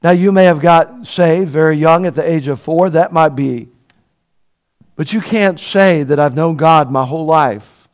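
A man preaching a sermon, asking the congregation rhetorical questions and building to loud, emphatic peaks. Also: fairly high pitch, a little slow.

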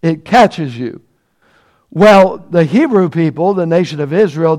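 Slow, emphatic high-voiced preacher man. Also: animated, darkish tone. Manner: emphatic, repeats key phrases, asks the congregation questions. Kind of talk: sermon.

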